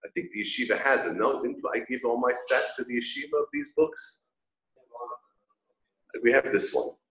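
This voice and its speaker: A man teaching a Torah class, an animated storyteller who acts out the characters of his parables. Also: medium pitch, moderate pace. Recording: echoey room.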